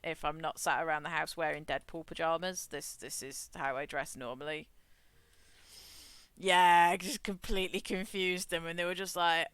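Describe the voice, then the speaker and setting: A woman chats casually while she streams a game, rambling from one story to the next and laughing often. Her voice is bright and crisp, recorded close and dry with no room sound. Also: sits low, fairly even intonation, moderate pace, no echo. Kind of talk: casual chat while gaming.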